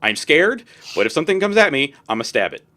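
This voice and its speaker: A man's voice: very animated, fast. A man voicing a scared but stoic young woman who talks bluntly and swears. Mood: tough. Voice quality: high-pitched and loud.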